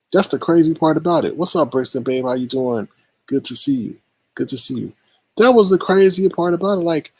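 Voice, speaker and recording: A man's voice: mid-range voice, no room sound. A man hosting a live stream, giving casual and exasperated commentary on online drama straight to his viewers.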